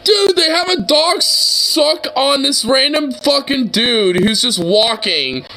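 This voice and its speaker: A man's voice: extremely high pitch, animated, slow pace, vocal fry, sharp tone, rough recording. A man reacting to a video with casual, profane, exasperated commentary full of fillers.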